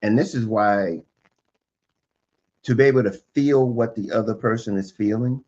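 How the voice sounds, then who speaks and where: A man's voice: fairly low pitch, normal speed, darkish tone, muffled recording. A man, a guest relationship expert on a podcast, explaining emphatically and restating his points again and again.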